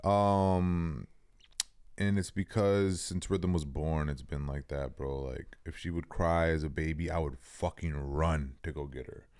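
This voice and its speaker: A man's voice: rumbling low, fairly even intonation, a little slow, darkish tone. A young man co-hosting a podcast, talking casually and bluntly, with a lot of swearing and emphasis. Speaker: podcast co-host.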